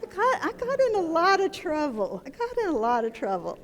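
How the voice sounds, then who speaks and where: An older woman preaching a conversational, humorous sermon into a handheld microphone, turning animated and then dropping to near-whispers for emphasis. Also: extremely high pitch, a little fast. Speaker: guest preacher. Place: church sanctuary. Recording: long church-hall reverb.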